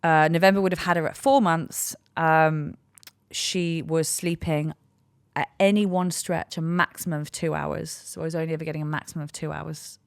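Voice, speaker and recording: A woman's voice: sits low, fairly even intonation, normal speed, gravelly, clean tone, no echo, studio quality. A woman in her thirties, a podcast host and comedian, telling a story frankly and self-mockingly, rambling with restarts. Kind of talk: candid comic storytelling. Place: podcast studio.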